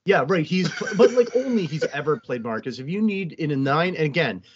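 A man's voice: a little high, very animated, a little fast, highs cut off, a little hiss or hum. A man co-hosting a podcast, animatedly recapping a movie scene by scene with casual swearing. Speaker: podcast co-host.

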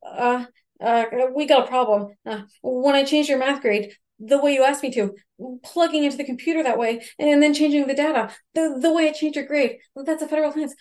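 A woman's voice: mid-range voice, level tone, moderate pace, dark tone, close to an everyday voice. A woman voicing a flustered teenage boy who stammers as he confesses he has committed a crime. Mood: panicked. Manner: hesitant, stammering.

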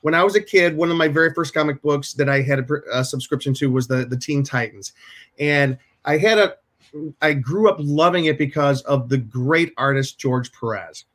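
A man's voice: fairly high pitch, normal speed, a bit bright. A man hosting a podcast over a video call, chatting casually and telling rambling stories with many restarts. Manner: rambling, self-interrupting storyteller. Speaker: podcast host. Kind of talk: casual chat. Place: home room with shelves.

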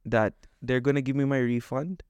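Male podcast co-host, worked-up fast rant, dry close mic. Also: medium pitch, fairly even intonation, a little mellow, clear, resonant tone, dry recording. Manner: agitated, fast ranting with quoted exchanges.

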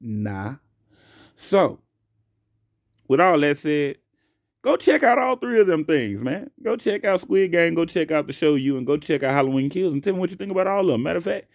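Profane, animated male podcast host. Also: fairly high pitch, vocal fry, dry recording, clean studio sound. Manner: profane, animated, swings loud and soft. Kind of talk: casual solo podcast rant. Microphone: close podcast mic.

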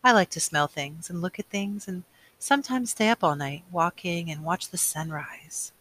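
A man reading the lines of a curious, dreamy teenage girl from a novel, in a soft, wondering way. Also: on the high side, moderate pace. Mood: musing.

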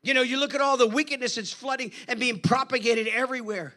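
A man preaching a sermon in an animated, conversational storytelling manner. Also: very high-pitched, fast. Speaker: guest preacher.

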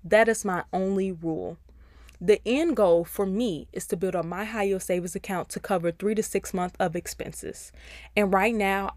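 A woman hosts a personal finance podcast in a chatty, encouraging voice, speaking straight to her listeners. Her pitch sits in an everyday middle range for a woman. The sound is dry, with no room echo. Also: darkish tone. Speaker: podcast host.

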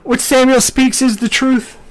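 A man's voice: very high-pitched, little pitch movement, measured pace, crowd noise, pitched above the performer's own voice. A man voicing a shaken woman witness who insists she saw everything. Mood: insistent. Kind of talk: in-character role-play.

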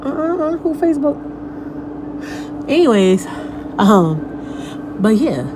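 Female podcast host, solo rant at home, fairly high animated voice, crude and unfiltered, room noise behind her. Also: extremely slow. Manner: candid, profane, rambling storytelling with frequent fillers. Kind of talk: casual solo podcast monologue. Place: at home by a window.

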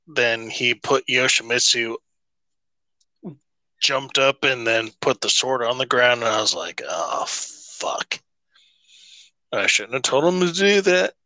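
A man's voice: mid-range voice, pushed and bright, dry recording. A man co-hosting a podcast in casual chat, rambling with many restarts and some swearing. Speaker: podcast co-host.

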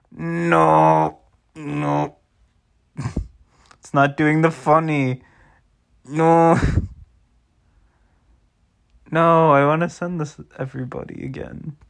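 A young man rambling to his viewers in an unhurried, drawn-out way. He keeps dissolving into giggles and peppers his talk with swearing. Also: a little high. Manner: giggly, keeps breaking into laughter; swears freely. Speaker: vlogger. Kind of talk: casual rambling commentary.

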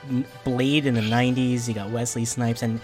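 A man's voice: medium pitch, steady tone, moderate pace, darkish tone, soft background music. A man co-hosting a casual podcast chat, rambling with lots of fillers and frequent laughs.

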